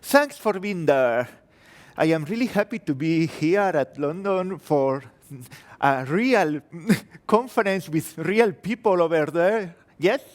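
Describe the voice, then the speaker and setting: High-voiced man with a Spanish-French accent. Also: expressive, slow. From Spain. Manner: chatty, self-deprecating, restarts phrases. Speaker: conference speaker. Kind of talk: tech conference talk. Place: conference hall.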